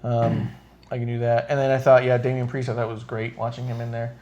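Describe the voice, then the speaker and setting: A man's voice: mid-range voice, brisk, lo-fi sound. A man co-hosting a casual wrestling podcast, swearing freely and acting out what wrestlers and referees said. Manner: profane, animated, acts out quotes. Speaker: podcast co-host.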